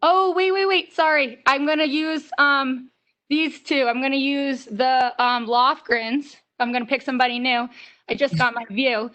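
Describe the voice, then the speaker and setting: High-voiced upbeat American woman coach. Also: fairly even intonation, normal speed, a bit bright. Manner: upbeat, counts reps aloud and cheers kids on. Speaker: camp fitness instructor. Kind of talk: leading a kids' workout over video call.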